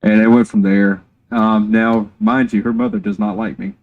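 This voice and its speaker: A man's voice: on the low side, little pitch movement, moderate pace, gravelly, narrow, tinny audio. A man, chatting on a game stream and telling a joking, rambling story with casual swearing. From North Carolina, USA.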